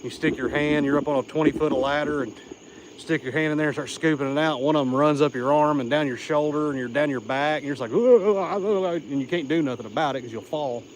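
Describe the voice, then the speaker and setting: A man's voice: on the high side, fairly even intonation, quick pace. A man livestreaming from outdoors at night, coaxing his pet and chatting casually, a little out of breath. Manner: talks to his pet in coaxing baby talk between chatty asides. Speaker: livestream host caring for animals. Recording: noisy outdoor night recording with crickets.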